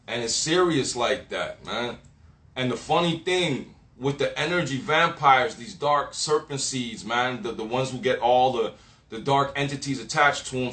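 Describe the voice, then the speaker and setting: A man's voice: mid-range voice, echoey room. A man talking straight to his viewers in a loose, slangy monologue, swearing freely and acting out other people with mocking laughs and nonsense sounds. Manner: animated, profane, slangy, mimics others with laughs and sound effects. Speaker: spiritual talk host.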